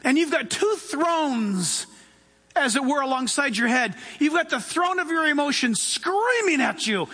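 A man preaching a sermon as pastor, animated, acting out quoted voices and exclamations. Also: very high voice, moderate pace, husky.

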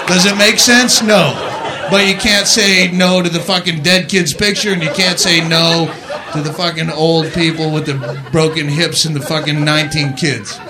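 Male stand-up, high voice, loud profane rant, live crowd. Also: fairly even intonation, moderate pace. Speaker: stand-up comedian. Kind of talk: stand-up set.

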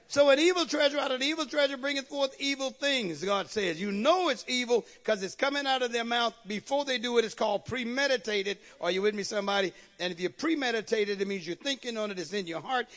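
Man, pastor, very high-pitched voice, call-and-response sermon, repeats phrases. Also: a bit bright.

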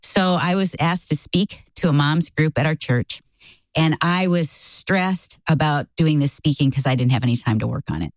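A woman's voice: deep voice, normal speed, no room sound. A middle-aged woman co-hosting a casual talk, telling a story and acting out the quoted lines. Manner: animated, acts out quoted lines. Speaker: co-host.

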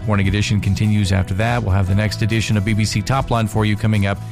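A man giving local station announcements on morning radio with a steady, routine delivery. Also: lowish voice, racing, gravelly. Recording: voice over music bed.

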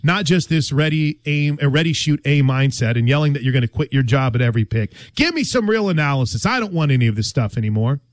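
A man's voice: mid-range voice, animated, fast, few pauses, dry recording. Sarcastic man in sports debate, dry close sound. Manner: sarcastic, needling, questioning. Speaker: sports talk host.

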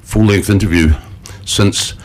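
Fairly low guy chatting on morning radio, rambly, lots of uh and um. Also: steady tone, a little slow. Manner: rambling, chuckling, many fillers. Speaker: radio presenter. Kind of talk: casual radio chat. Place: radio studio.

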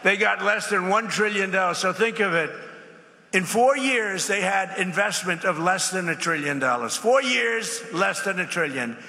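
A man's voice: sits high, animated, moderate pace, sharp tone. A man giving an off-the-cuff speech at a public event, repeating his points with emphasis and wandering into asides. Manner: repetitive, emphatic, rambling asides. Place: large event space. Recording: reverberant hall with faint ambience.

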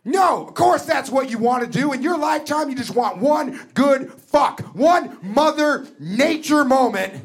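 A man doing a stand-up set, rambling and emphatic, shouting his punchlines. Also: extremely high pitch, lively intonation, unhurried, vocal fry, few pauses. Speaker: stand-up comedian.

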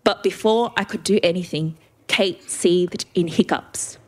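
A woman's voice: fairly low pitch, measured pace, a little mellow. A woman reading a first-person story aloud with vivid expression.

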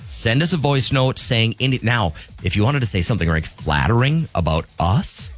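A man hosting a morning radio show, joking around and pitching a call-in contest. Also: lively intonation, normal speed, soft background music. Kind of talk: casual radio banter. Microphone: studio microphone.

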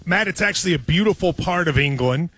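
A man in his forties hosting a sports radio show, chatting in an excitable, storytelling way. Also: fairly high pitch, brisk. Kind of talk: casual sports radio chat. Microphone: studio microphone.

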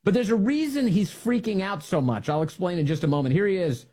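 A man's voice: sits high, brisk, darkish tone, slightly rough. A man hosting a political talk radio show, sarcastic and mocking, laughing at his targets.

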